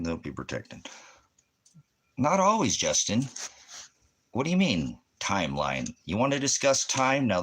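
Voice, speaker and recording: A man's voice: lowish voice, fairly bright tone. A middle-aged man ranting on a livestream, confronting chat viewers by name in a preachy, combative way. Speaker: livestreaming ministry host.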